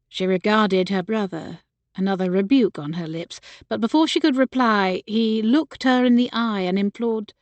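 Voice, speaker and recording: A woman narrating a historical novel as an audiobook in a measured, expressive storytelling style. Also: medium pitch, dry recording.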